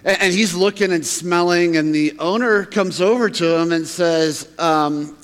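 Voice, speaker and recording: A man's voice: fairly high pitch, a little slow, few pauses, a bit bright, long reverb tail. A male pastor preaching a sermon, reading Scripture and then talking to the congregation in a conversational way, asking them questions. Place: church sanctuary.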